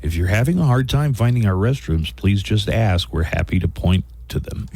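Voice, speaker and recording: A man's voice: fairly low pitch, sing-song, normal speed, a little mellow, breathy edge, dry recording. A man hosting a radio show, easygoing and relaying news stories in chat. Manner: easygoing, storytelling news reader.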